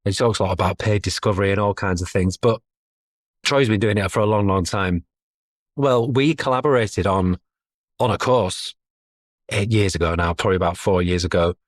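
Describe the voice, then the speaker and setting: A man's voice: on the low side, normal speed, no room sound, clean studio sound. A middle-aged man, talking as a guest in a casual podcast interview, chatty and self-deprecating. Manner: chatty, self-deprecating, laughs between thoughts.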